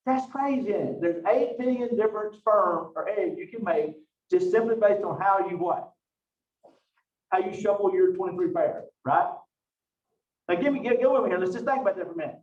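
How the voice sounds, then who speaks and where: A man teaching a biology lecture, lively and joking at his own expense, with frequent rhetorical questions. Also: sits high, normal speed. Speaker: biology instructor. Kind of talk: recorded online lecture. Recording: roomy, distant, dull lo-fi mic.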